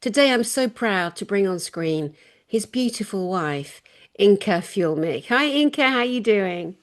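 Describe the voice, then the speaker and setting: Woman host, earnest and emphatic, mid-pitched, leans hard on key points. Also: expressive, a little slow. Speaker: interview host. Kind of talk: emotional advocacy interview.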